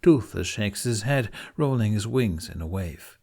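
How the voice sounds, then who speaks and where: A man narrating a fan fiction audiobook with an expressive reading. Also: fairly low pitch, unhurried, few pauses, breathy edge.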